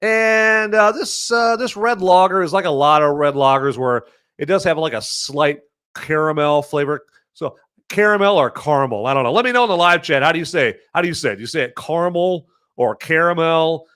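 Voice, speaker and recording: Rambling, chatty man with a bright voice. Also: fairly high pitch, a little fast, clean tone, no echo, studio quality. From American Midwest. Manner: rambling, self-correcting, chatty with lots of fillers; animated swings between loud emphasis and muttered asides. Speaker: podcast host reviewing movies and beer. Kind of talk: casual solo commentary.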